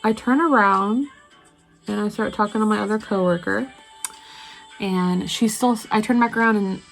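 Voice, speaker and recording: Chatty young woman with a gravelly voice. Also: medium pitch, normal speed, soft background music, rough recording. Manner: rambling, chatty, lots of fillers. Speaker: beauty vlogger. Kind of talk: casual storytime while doing makeup.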